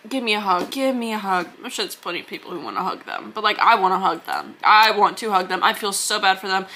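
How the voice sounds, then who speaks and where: Bright, chatty young woman vlogging. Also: medium pitch. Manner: chatty, rambling, self-deprecating. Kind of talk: casual vlog chat to camera. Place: at home indoors.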